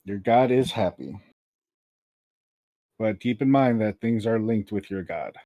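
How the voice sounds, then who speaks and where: A man's voice: on the low side, a little slow, dark tone, no echo. A man running a tabletop game as game master, patiently explaining rules in casual talk.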